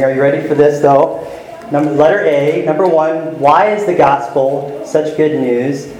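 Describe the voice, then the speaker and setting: A man's voice: on the high side, darkish tone, a little hiss or hum. Man preaching a sermon in an echoey church. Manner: earnest teaching, slows to spell out words. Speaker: pastor. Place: church sanctuary.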